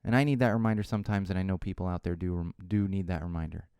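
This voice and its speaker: A man hosting his own podcast, talking solo in an animated, ranting way and mocking other people's voices. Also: deep voice, very fast, smooth, no echo, studio quality. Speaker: podcast host.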